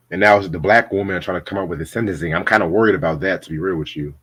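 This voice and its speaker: A man's voice: low voice, quick pace, fairly bright tone, husky. A man hosting a casual livestream chat, laid-back and slangy, laughing often. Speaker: podcast host.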